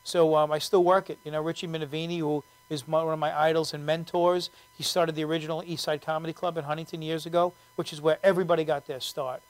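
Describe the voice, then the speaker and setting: A man's voice: fairly high pitch, little pitch movement, fast, few pauses, clear, resonant tone, rough recording. A man chatting as a guest comedian in an interview, rambling and fumbling for names. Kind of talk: casual interview chat.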